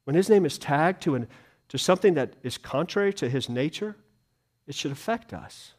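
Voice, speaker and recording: Middle-aged male pastor, pitched a bit high, earnest sermon delivery with hushed grieving lows and rhetorical questions. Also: expressive, normal speed. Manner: earnest preaching, swings from loud emphasis to hushed grief; asks the congregation rhetorical questions.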